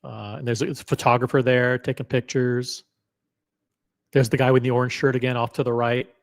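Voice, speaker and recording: A man's voice: medium pitch, flat delivery, fairly quick. A man hosting a live stream who reacts casually, jokes, swears and reads chat comments aloud. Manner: loose, joking, profane, reads chat aloud.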